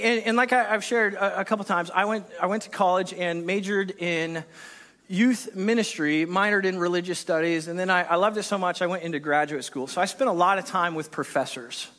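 High, bright-voiced man preaching casually. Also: fairly quick, in a large hall. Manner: chatty and self-deprecating, with joking asides to the congregation. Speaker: pastor. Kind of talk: conversational sermon. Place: church service with a congregation.

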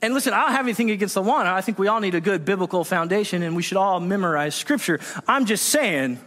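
High-voiced man preaching in an echoey hall. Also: quick pace. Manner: animated storytelling, acts out voices in his anecdotes. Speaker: pastor. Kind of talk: sermon.

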